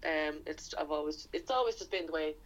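A woman's voice: low voice, fairly quick. A woman, co-hosting a podcast in frank, casual chat, laughing often. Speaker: podcast co-host. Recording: dull lo-fi podcast recording.

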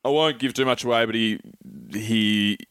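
A man's voice: on the low side, normal speed, fairly bright tone, smooth, dry recording, clean studio sound. A man co-hosting a podcast, retelling a film with swearing and enthusiasm. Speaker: podcast co-host. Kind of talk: casual chat.

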